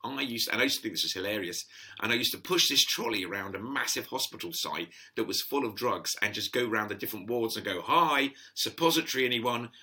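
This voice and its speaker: A man's voice: on the low side, fast talker. Chatty man in his fifties. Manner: chatty, animated, laughing often, acts out quoted voices. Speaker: guest. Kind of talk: casual storytelling interview.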